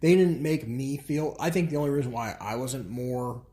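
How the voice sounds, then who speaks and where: A man's voice: medium pitch, moderate pace, dark tone. A man in his thirties co-hosting a podcast, telling the story casually in a blunt way and swearing now and then. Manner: blunt, swears casually, repeats words as he restarts. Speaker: podcast co-host.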